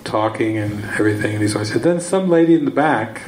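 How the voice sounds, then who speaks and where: A man's voice: lowish voice, a little fast, echoey room, slight background noise, low-quality recording. A man, a spiritual teacher, telling a rambling story in a retreat teaching talk, repeating himself as he goes. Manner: rambling, repeating words, breaks into excited shouted quotes. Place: retreat session room.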